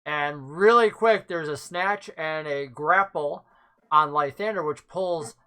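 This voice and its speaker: A game master narrating a tabletop game in a relaxed way, with frequent filler words. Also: medium pitch, slow, smooth.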